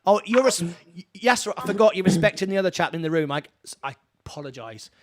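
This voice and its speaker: A man hosting a live-streamed charity fundraiser from his studio, rambling excitedly and laughing often. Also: high voice, quick pace. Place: home studio.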